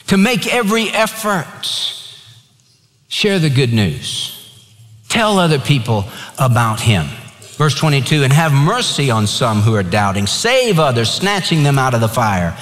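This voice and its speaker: A man's voice: fairly high pitch, fairly bright tone. Emphatic preacher man in a reverberant hall. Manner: storytelling preacher, emphatic and conversational. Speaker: pastor. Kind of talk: sermon.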